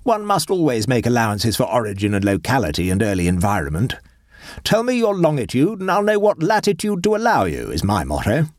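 A man voicing Sir Lulworth, an urbane, wry elderly English gentleman who speaks in dry, unhurried epigrams. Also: mid-range voice, wildly swooping pitch, dry recording, voice pushed up.

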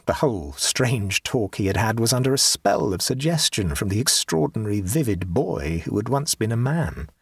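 A man narrating an audiobook in a measured, expressive storytelling manner. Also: lowish voice, slightly rough, no echo, studio quality.

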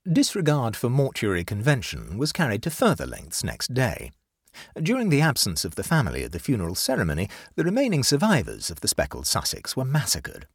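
A man narrating a classic short story aloud in an expressive, measured way. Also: medium pitch, husky, no room sound, clean studio sound.

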